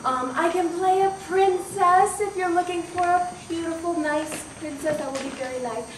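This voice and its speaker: A woman with a very high voice introduces herself at an audition, chatty and a little hesitant, often giggling. She sounds distant in an echoey school hall, with clear background noise. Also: normal speed. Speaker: auditioning actor.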